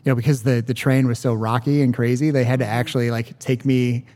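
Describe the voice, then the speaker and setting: A man talking in a halting, hesitant way in casual conversation, with many fillers. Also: medium pitch, little pitch movement, mellow. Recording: room with long reverb.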